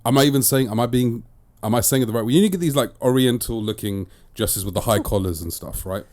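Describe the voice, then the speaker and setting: A man co-hosting a podcast in casual chat, animated and teasing, with crude banter. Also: medium pitch, fast. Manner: animated, swinging between mumbles and loud bursts. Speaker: podcast co-host.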